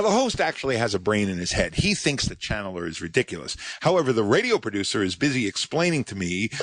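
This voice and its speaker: Wry, animated male podcast host. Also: medium pitch, no echo. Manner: wry, sardonic storytelling. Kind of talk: scripted narration.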